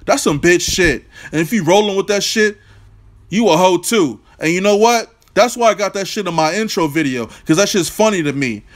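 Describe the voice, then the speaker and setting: A man's voice: high voice, animated, normal speed. A man hosting an opinionated, profane boxing vlog rant, brash and combative. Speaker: boxing commentator, channel host.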